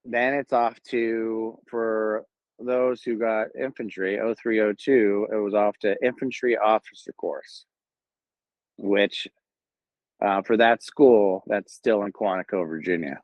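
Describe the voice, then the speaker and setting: A low-pitched man with a Southern Californian accent talks through his memories in a loose, rambling way, pausing on fillers and restarting his sentences. The sound is dry and close, with a slightly dull, lo-fi tone. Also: fairly even intonation, no room sound. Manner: rambling, laid-back, many fillers and restarts. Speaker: Marine Corps veteran telling his story. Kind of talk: casual first-person storytelling.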